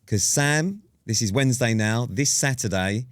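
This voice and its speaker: A man's voice: mid-range voice, expressive, moderate pace, no echo, clean studio sound. A man co-hosting a podcast, teasing his co-host in casual banter. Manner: teasing, mock-stern.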